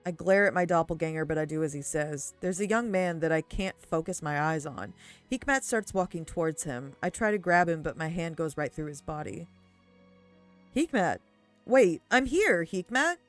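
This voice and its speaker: A woman's voice: sits low, brisk, faint music behind. A young woman streamer reading a visual-novel game aloud with giggly, swearing commentary.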